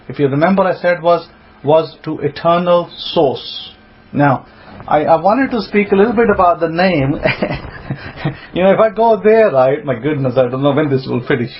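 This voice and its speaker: A man's voice: a little high, lo-fi sound, a little hiss or hum. A man teaching scripture, reading verses aloud and explaining them as he thinks aloud. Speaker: rabbi.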